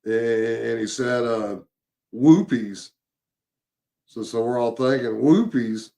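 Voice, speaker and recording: Gravelly man telling a story. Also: mid-range voice, flat delivery, a little mellow. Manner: halting, many fillers and repeated words. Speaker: paranormal investigator. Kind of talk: casual storytelling chat.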